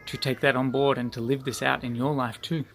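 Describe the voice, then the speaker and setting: A man's voice: medium pitch, level tone, brisk, vocal fry, a bit bright. A man delivers an earnest motivational talk to the group he leads. His voice sits mid-range, and he repeats phrases to drive points home. Faint background noise runs underneath. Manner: earnest, repetitive for emphasis. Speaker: group leader.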